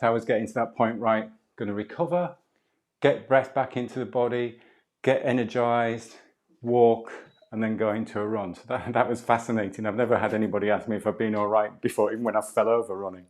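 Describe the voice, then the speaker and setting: A middle-aged man leads a qigong and movement class, calmly cueing breath and posture and chatting between exercises. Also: lowish voice, fast talker.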